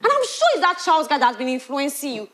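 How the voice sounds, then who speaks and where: Actress as a hurt young wife, very high lively voice, reproachful. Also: female voice, fast talker. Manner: reproachful, emotional. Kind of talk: church stage drama.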